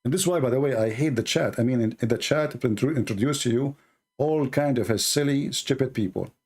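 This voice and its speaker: A man's voice: mid-range voice, fairly quick, darkish tone, breathy edge. A man hosting his channel, ranting at viewers in a combative, sarcastic and insulting way. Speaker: channel host. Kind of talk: angry rant to viewers.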